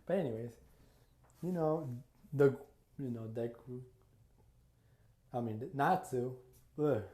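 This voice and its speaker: A man's voice: mid-range voice, slow pace, dark tone, roomy sound. A man casually retelling a fan story, rambling with lots of fillers and acting out the quotes. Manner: rambling, full of "you know" and "like", acts out quotes.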